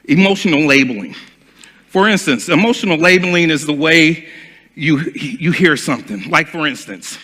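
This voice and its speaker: Lively, animated man in a hall. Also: fairly high pitch, moderate pace. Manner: animated, acts out dialogues. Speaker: speaker and trainer. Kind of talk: seminar talk.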